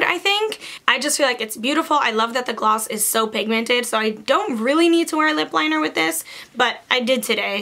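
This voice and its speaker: A woman's voice: on the high side, sharp tone. A young woman chatting through her favorite makeup in a casual vlog, gushing and bubbly, with lots of "like" in her talk. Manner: bubbly, gushing, says "like" a lot. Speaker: beauty vlogger.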